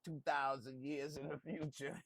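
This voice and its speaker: A man's voice: on the high side, fairly even intonation, a little slow, creaky, a bit bright, husky, dry recording. A man reviewing a TV episode in a casual, joking way, talking back to what he watches. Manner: laid-back, joking, talks back to the screen. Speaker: TV show reviewer. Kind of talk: casual reaction commentary.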